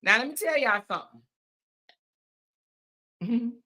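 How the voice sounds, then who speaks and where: Woman livestream host, bright voice, chatty and familiar, greets viewers by name. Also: fairly high pitch, animated, slow. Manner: chatty, greets viewers by name, calls them y'all and honey. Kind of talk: casual live-stream chat with viewers.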